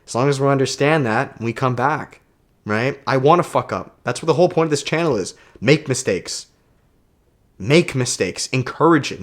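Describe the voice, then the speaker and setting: A man who coaches self-development, talking straight to his camera in a casual motivational vlog, emphatic and preachy and swearing freely. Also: medium pitch.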